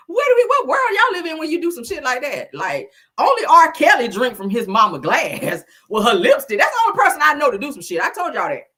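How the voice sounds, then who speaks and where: A middle-aged woman hosting a casual chat show, telling stories in an animated, profane way. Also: sits high, fairly quick. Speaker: host.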